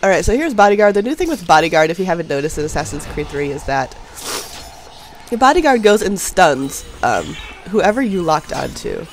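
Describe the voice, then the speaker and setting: A man's voice: high voice, sing-song, fairly quick. A young man with a stuffy nose from a cold, chatting casually and laughing as he narrates his own gameplay. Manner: chatty, self-deprecating, laughs often. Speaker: gameplay commentator. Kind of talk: casual voice-over game commentary. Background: faint background music.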